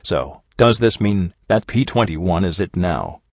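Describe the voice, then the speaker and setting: Here a low-voiced man gives a nervous young pegasus mare in a storybook, hesitant and torn, speaking in an unchanged low register. The sound is dry and a little dull and lo-fi. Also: lively intonation, a little slow, no echo, full character voice. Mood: anxious. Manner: hesitant, conflicted. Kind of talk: audiobook reading.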